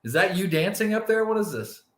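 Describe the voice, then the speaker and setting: A man's voice: high voice, sing-song, fairly quick. Male podcast co-host from the United States, casual and conversational, echoey room sound. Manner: casual, with frequent restarts.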